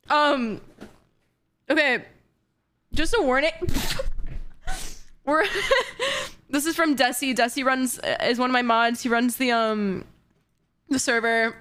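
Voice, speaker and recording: A high-pitched young woman in her twenties chats casually to her live-stream audience. Her talk is excitable and gushing. She giggles often as she goes along. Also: normal speed, clean tone. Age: 20s.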